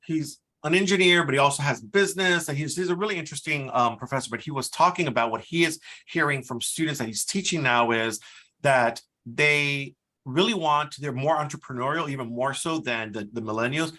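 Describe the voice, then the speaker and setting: Bright-voiced middle-aged man telling stories. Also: on the high side, a little fast. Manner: animated storyteller, mimics voices in quotes. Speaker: guest, career services dean. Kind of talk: conversational interview.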